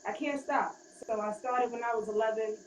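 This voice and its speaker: A woman rapper from Queens, New York, chatting casually in an interview with a relaxed, rambling manner and many fillers. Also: on the high side, a little fast. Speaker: rapper guest. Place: hotel room while getting ready. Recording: roomy, distant, faint background noise.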